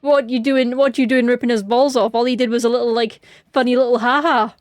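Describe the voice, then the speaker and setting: A woman's voice: a little high, steady tone, a little fast, dry recording, studio quality, natural voice. A woman voicing a dismissive, mocking male British policeman in a sing-song, belittling tone.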